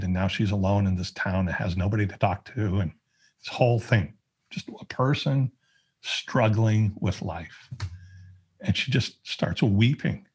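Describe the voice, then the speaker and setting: A man with a husky, breathy voice sits low in his register as he tells a personal story on a podcast. He talks casually, stopping and restarting often and using plenty of fillers. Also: a little mellow. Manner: conversational, with frequent fillers and restarts. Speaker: podcast guest.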